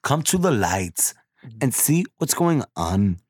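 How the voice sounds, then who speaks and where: A man's voice: mid-range voice, big pitch swings, takes it slowly, darkish tone, husky, dry recording, clean studio sound. A young man, hosting a podcast, telling crude stories and acting out other people's lines. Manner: profane storyteller who acts out other people's lines. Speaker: podcast host. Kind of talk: crude casual chat.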